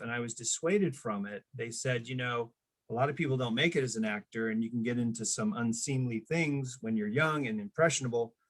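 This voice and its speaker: A middle-aged man telling stories in a casual chat, animated, jumping into higher voices for the people he quotes. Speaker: guest. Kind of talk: casual storytelling.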